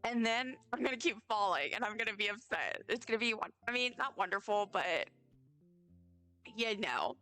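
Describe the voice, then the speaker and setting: A tired woman live-streams a game, rambling in casual chat and poking fun at herself. Her mid-range voice is expressive and bright with a forceful edge, moving at a moderate pace over soft background music.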